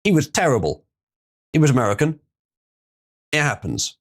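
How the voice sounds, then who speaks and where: A British man hosts a live stream in a fairly high, sing-song voice at normal speed. He chats casually and reads viewer comments, rambling, opinionated, and full of ums.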